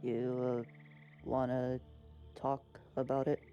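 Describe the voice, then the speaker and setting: Woman voicing a soft, hesitant young man. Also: rumbling low, completely flat delivery, takes it slowly, lo-fi sound, faint music behind. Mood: concerned. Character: gentle caring young man, worried companion.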